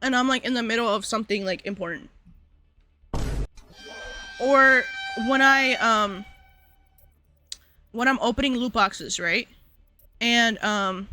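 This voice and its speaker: A woman's voice: on the high side, bright, forceful tone. A woman streamer talking casually to her chat, rambling with lots of fillers and asides. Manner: rambling, filler-heavy, addressing chat directly.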